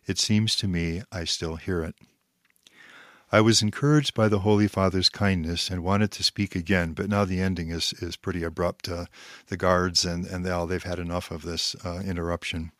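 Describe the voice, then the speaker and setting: A man with a very low voice reads a devotional text aloud and stops often to explain it, leaning on key phrases in a measured, reflective way. The sound is dry and close, with no room echo. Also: fairly bright tone. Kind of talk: reading a text aloud with commentary.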